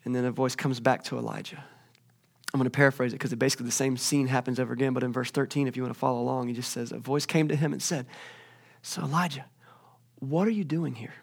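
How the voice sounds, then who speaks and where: A man in his forties giving a sermon as a youth pastor, talking conversationally and moving between hushed and emphatic delivery. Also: medium pitch, flat delivery, very fast, vocal fry.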